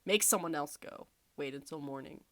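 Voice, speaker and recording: A woman's voice: low-pitched, normal speed, fairly bright tone, no room sound. A woman hosting a casual podcast, reading quiz questions aloud with sarcastic, swear-filled asides and frequent laughter. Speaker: podcast host.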